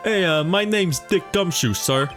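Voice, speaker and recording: A man voicing a gruff, bumbling male police detective who keeps adding "sir", over faint music. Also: high voice, a little slow, fairly bright tone, pitched above the performer's own voice. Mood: earnest.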